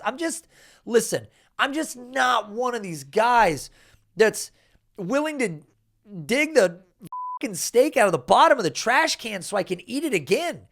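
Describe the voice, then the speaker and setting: A man recapping a fantasy football draft in an animated, exasperated rant, swearing often and jumping up in pitch. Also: moderate pace, vocal fry.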